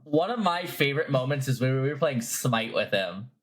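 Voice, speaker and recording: A man's voice: medium pitch, animated, moderate pace. A man co-hosting a podcast in casual chat, telling stories with laughter and swearing. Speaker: podcast co-host.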